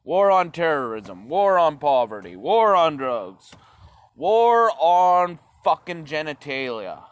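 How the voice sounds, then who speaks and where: A man's voice: on the high side, very animated, slow, dry recording. A man delivering a profane, sarcastic stand-up rant, rambling and swearing often. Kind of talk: profane ranting stand-up monologue.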